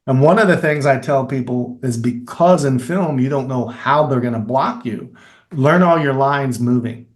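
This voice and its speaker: A man's voice: medium pitch, normal speed. Middle-aged man with a Kentucky accent. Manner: animated, explains with demonstrations and repeated phrases. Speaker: filmmaker and acting teacher, guest. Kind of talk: conversational interview.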